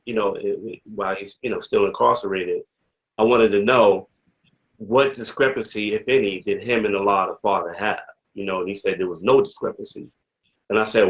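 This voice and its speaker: A man's voice: lowish voice, fairly bright tone, low-quality recording. A man interviewing an elder in a casual discussion, rambling with many asides before pressing emphatic questions. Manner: rambling, many "you know what I mean" asides, rising to emphatic questions.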